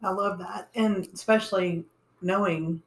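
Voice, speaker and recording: A woman interviewer asking gentle, affirming questions. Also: mid-range voice, fairly even intonation, a little slow. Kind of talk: interview conversation. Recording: echoey room.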